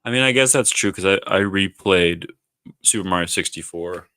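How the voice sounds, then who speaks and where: Low-voiced guy rambling on a live podcast, bright tone, dry close sound. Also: moderate pace, no room sound. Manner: rambling, restarts, many likes. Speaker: podcast co-host. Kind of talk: casual chat. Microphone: live stream mic.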